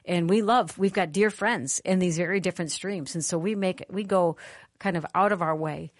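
An animated woman preacher tells a story in a lowish, conversational voice, urging the room to give her an amen. The sound is dry and close. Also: moderate pace, no room sound. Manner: animated, conversational, calls for amens. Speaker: conference speaker. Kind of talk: sermon with storytelling.

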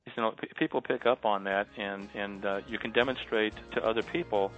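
A man's voice: on the low side, steady tone, faint music behind. Thoughtful man on a tinny phone line. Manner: measured, thoughtful, with many ums. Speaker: guest author on radio. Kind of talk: radio interview over the phone.

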